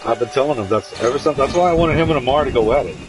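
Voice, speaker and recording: Male gaming streamer, mid-pitched, excitable and profane play-by-play, game music underneath. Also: very fast, rough recording. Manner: excitable, profane, hyping a fellow player. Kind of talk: casual gameplay commentary.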